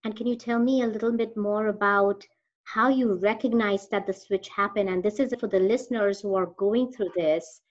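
A woman hosting a podcast who asks gentle, supportive questions about her guest's experience. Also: mid-range voice, fairly even intonation, moderate pace. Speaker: podcast host. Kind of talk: interview questions. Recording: slightly dull lo-fi sound.

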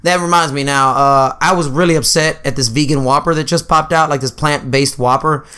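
A young man in casual podcast chat with a bright, forceful voice that sits a little high. He tells profane stories with lots of energy and acts out each quote. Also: fairly even intonation, fairly quick, clean tone.

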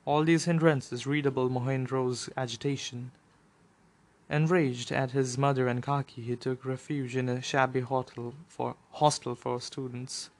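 A man narrating a novel aloud, measured, with occasional brief explanatory asides. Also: medium pitch, level tone.

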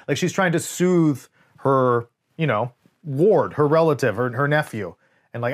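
Male co-host, slightly high voice, emphatic and profane casual film talk. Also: moderate pace. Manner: emphatic, swears freely, animated storytelling. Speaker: podcast co-host. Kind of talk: casual film review chat.

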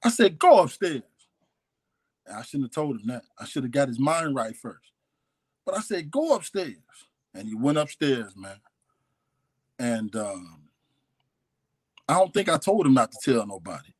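A man's voice: mid-range voice, lively intonation, moderate pace, long pauses, slightly rough, no echo. A man telling his own life story as a guest, candid and hesitant. He often repeats lines and restarts. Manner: confessional, hesitant, repeats himself. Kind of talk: candid personal testimony.

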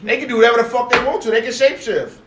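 A young man, telling a story to friends in a casual, animated way, swearing and repeating himself for emphasis. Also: very high voice, very fast, recorded from a distance. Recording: echoey room, from off the mic, faint noise.

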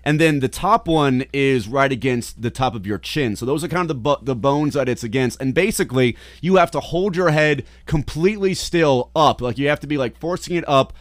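A man's voice: medium pitch, brisk, few pauses, no echo, clean studio sound. A man co-hosting a podcast in casual banter, rambling and swearing freely. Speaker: podcast co-host.

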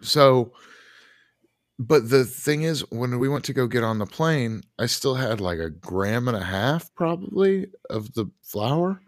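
A man's voice: mid-range voice, animated, a little slow, dry recording, clean studio sound. A man co-hosting a podcast, telling a rambling story in a laid-back, casual way with casual swearing. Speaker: podcast co-host.

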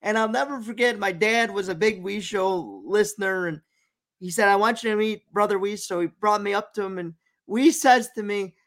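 A man who is a guest comedian in casual chat, relaxed and agreeable, adding his own stories. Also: high voice, moderate pace.

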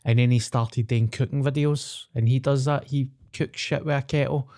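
A man with a Glaswegian Scottish accent in a casual chat. He rambles through stories, swears freely and drops into quick impressions of people. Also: mid-range voice, steady tone, darkish tone.

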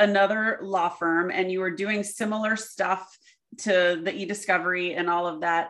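A woman's voice: mid-range voice, a bit bright. A woman hosting an interview, friendly and encouraging as she sets up open questions. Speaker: interview host. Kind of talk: casual interview.

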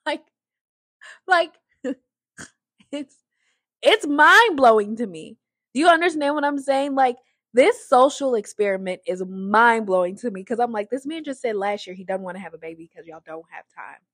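A reality TV commentator with a slightly high, animated voice gives a chatty, opinionated casual recap of a reality show at a normal pace, her tone fairly bright. She says "like" a lot, restarts her sentences, and acts out the people she discusses in raised voices. The studio-quality recording has no echo.

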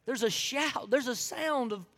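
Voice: mid-range voice, unhurried, pushed and bright, big-room sound. A pastor with a Southern US accent preaching a sermon with folksy asides and sudden whoops of joy.

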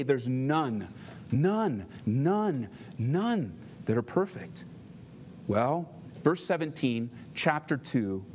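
A male pastor delivers a sermon in an animated, conversational way, reading scripture slowly and deliberately. His voice sits a bit high for a man, with light noise in the background.

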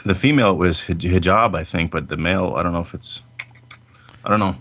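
A man's voice: sits low, fairly quick, a bit bright. A man co-hosting a casual film podcast, chiming in with short bursts of film trivia and laughter. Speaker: podcast co-host.

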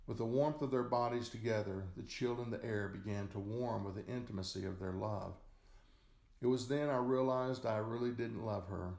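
A man reading a short story aloud as narrator, in a slow, measured way. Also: fairly low pitch, gravelly, darkish tone. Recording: echoey room.

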